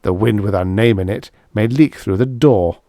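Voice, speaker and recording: A man with a low voice voicing a bitter First World War soldier who rants hoarsely and loudly in an audiobook. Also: lively intonation, normal speed, dry recording, clean studio sound. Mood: ranting. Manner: hoarse, loud ranting that keeps rising. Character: raving shell-shocked WWI soldier, bitter and wild.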